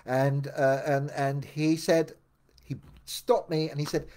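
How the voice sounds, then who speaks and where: An older man telling his memoir aloud, meandering with many restarts and dropping quieter for asides. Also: a little slow. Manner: meandering, full of restarts, drops low for asides. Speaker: memoir narrator. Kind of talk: rambling spoken memoir storytelling.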